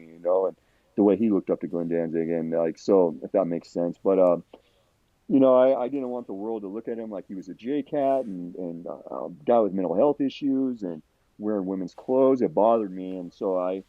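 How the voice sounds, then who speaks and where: A middle-aged man, a guest on a casual podcast, tells a personal story while rambling with many restarts and "you know." His voice is fairly low, heard over a tinny, dry, phone-like line.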